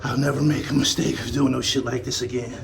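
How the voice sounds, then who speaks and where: A man's voice: mid-range voice, fairly even intonation, fast, vocal fry, crowd noise. A man hosting a casual travel vlog on an outdoor hiking trail, a bit winded, talking bluntly and jokingly into a handheld phone. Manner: blunt, joking, profane talk. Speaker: vlogger host.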